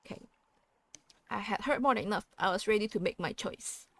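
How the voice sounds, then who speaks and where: A woman's voice: mid-range voice, brisk, vocal fry, no echo. A woman playing a story game, reading its text aloud and chatting about her choices in a playful way. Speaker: let's play host.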